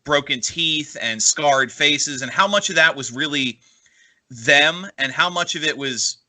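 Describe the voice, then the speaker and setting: Bright-voiced male podcast host. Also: fairly high pitch, a little slow. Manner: hedging, wandering questions. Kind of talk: casual interview chat.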